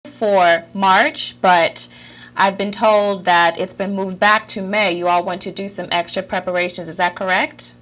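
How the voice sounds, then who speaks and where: Brisk female TV interviewer. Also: medium pitch, fairly even intonation, a bit bright. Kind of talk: news interview.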